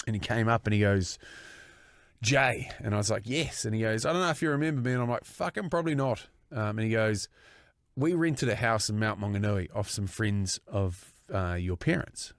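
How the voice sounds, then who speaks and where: A man in his forties from New Zealand, co-hosting a podcast and telling a story in a sweary, animated way, quoting people as he goes. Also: lowish voice, normal speed, no echo, studio quality. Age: 40s. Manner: sweary, animated anecdote telling with acted quotes. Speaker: podcast co-host. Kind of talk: casual storytelling chat.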